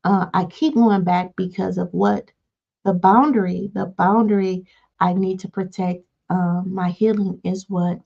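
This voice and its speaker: A woman coaching listeners on healing, often pausing with "all right" between points. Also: mid-range voice, gravelly. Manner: repeats "all right" between points, acts out calm replies. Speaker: life coach. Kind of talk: motivational teaching talk. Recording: dull lo-fi sound.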